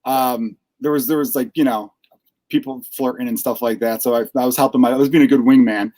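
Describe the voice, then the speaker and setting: Fast-talking chatty young man. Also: medium pitch, fairly even intonation, mellow. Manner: quick, chatty, laughs easily. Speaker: podcast host. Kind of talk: casual chat.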